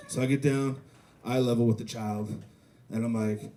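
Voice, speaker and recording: A young man doing a stand-up comedy set at a restaurant, telling stories deadpan and acting out voices of kids and parents. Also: mid-range voice, normal speed. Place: pizza restaurant comedy night with audience.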